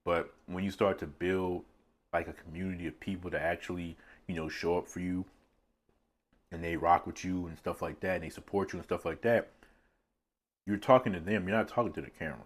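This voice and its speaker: A man's voice: low voice, fairly even intonation, fairly quick. A man talking casually while eating a meal on camera. He rambles from one thought to the next and chuckles often at his own remarks, recorded on a phone set on a tripod. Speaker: mukbang vlogger. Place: seated indoors at a meal.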